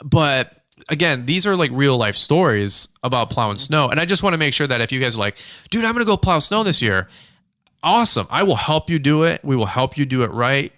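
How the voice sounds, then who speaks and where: A man with a bright, forceful voice tells stories with eager energy and plenty of slang. He starts sentences over and then rushes on, heard on a close, dry mic. He sounds like he is chatting casually with a guest. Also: medium pitch, smooth, no echo. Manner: excitable, slangy, talks in bursts with restarts. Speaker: podcast host, lawn care business owner. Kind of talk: casual storytelling chat.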